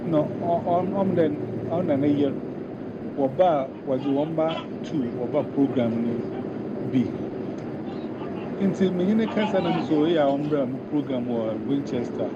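A man's voice: fairly high pitch, measured pace. Ghanaian man chatting outdoors by traffic. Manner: mixes Twi and English, rambling. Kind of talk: casual chat. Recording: dull lo-fi outdoor recording with loud noise.

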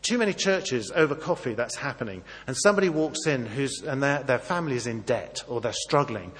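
A man preaching a sermon, acting out dialogue and swinging between soft and loud. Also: medium pitch, fairly quick, in a large hall. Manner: animated, acts out dialogue, varies volume widely.

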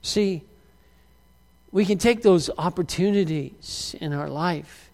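A man's voice: high-pitched, slow pace, vocal fry. A middle-aged male pastor preaching a sermon, telling stories and acting out the people in them. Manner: animated storyteller who acts out quoted lines. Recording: long hall reverb.

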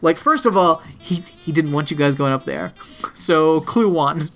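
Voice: medium pitch, normal speed, fairly bright tone, soft background music. A podcast co-host in casual chat, retelling a TV episode in a rambling, profane way with lots of "like". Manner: rambling and profane, heavy use of "like".

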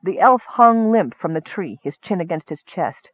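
A man reading a fantasy story aloud in a steady, measured way. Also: sits high, husky. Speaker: audiobook narrator. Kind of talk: scripted fantasy narration. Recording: dry tinny phone-like audio.

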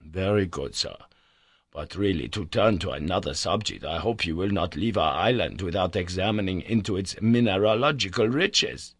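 A man voicing a worthy, earnest male Icelandic scholar who speaks slowly and courteously. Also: low voice, husky, dry recording.

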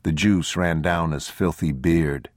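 Deep, slow male audiobook narrator. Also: steady tone, no echo, clean studio sound. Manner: measured, sombre and deliberate. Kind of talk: scripted literary narration.

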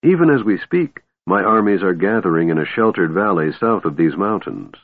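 A man voicing a cold, scheming female warlord who speaks coolly and smoothly. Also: sits low, lively intonation, moderate pace, dry recording. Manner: cool, cutting, smooth. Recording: narrow phone-like sound, dry.

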